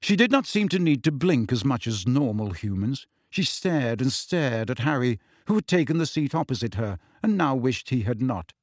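A man reading a fantasy novel aloud in a steady, expressive storytelling manner. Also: mid-range voice, normal speed, hardly any pauses, dry recording, studio quality. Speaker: audiobook narrator. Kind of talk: scripted fantasy novel narration.

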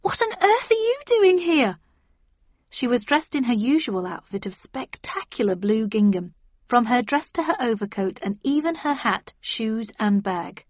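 A woman reading a first-person story aloud as an audiobook narrator, expressive, in a dull, dry recording. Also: mid-range voice, dry recording.

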